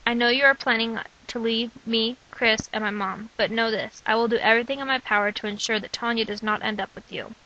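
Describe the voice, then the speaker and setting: Bright-voiced young woman reading earnestly. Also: fairly high pitch, fairly even intonation, brisk, few pauses, muffled recording. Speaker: person sharing her own testimony. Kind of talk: reading her own letters, prayers and poems aloud.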